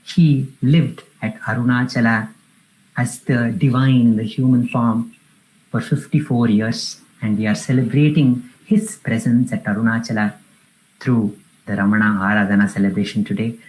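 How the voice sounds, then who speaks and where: A woman's voice: extremely low pitch, fairly even intonation, moderate pace, darkish tone, poor audio. A woman telling a spiritual parable at a weekly devotional gathering. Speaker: satsang speaker. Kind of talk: spiritual storytelling talk.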